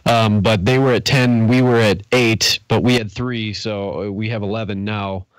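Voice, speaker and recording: A man's voice: fairly low pitch, steady tone, measured pace, no room sound, low-quality recording. Joking laid-back man co-hosting. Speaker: podcast co-host. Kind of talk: casual sports chat.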